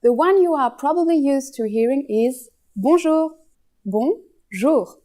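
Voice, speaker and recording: Measured woman narrating a language lesson. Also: sits high, animated, dark tone. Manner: clear, measured instructional delivery.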